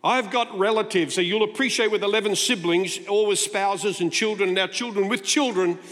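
A man's voice: high-pitched, a little fast, fairly bright tone. A man in his sixties preaching a sermon as a guest speaker, talking to the congregation in a conversational, playful storytelling way. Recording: long hall reverb.

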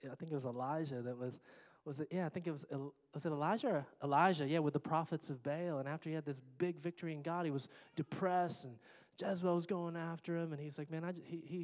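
A man's voice: on the high side, a little mellow. A middle-aged man preaching a sermon, conversational with joking asides to the congregation. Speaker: pastor. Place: church sanctuary. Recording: long hall reverb.

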